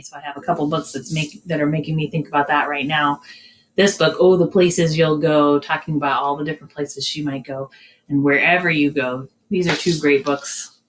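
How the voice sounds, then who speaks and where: A woman in her forties leading a children's storytime, talking gently in a sing-song way and reading a picture book aloud. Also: deep voice, poor audio. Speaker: children's librarian. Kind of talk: storytime reading and singing for kids.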